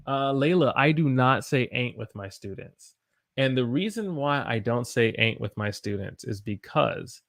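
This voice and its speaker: A Southern American man with a Southern accent teaches English casually on a livestream, chatting, reading viewer comments aloud and demonstrating how he pronounces things. His mid-range voice is creaky with a fairly bright tone, captured in studio quality with no echo.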